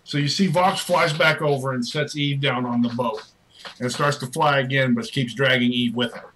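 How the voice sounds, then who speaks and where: A man serves as dungeon master, narrating the action in a bright, forward voice. His delivery is casual and easygoing, and the pitch sits in the middle of the range. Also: fairly even intonation, normal speed, a little hiss or hum, low-quality recording. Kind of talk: narrating a tabletop game.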